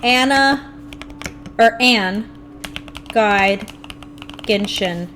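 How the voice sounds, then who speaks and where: A young woman streaming a video game live, talking to herself and her chat in an animated, playfully grumbling way. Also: medium pitch, extremely slow, a little hiss or hum. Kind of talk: live gameplay commentary.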